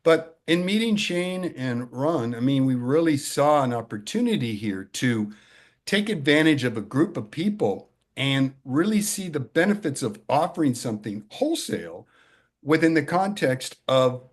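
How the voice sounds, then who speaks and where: A man who sells a product, explaining his pricing to a group in a measured way. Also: a little high, animated. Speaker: product vendor. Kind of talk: casual pitch to a group.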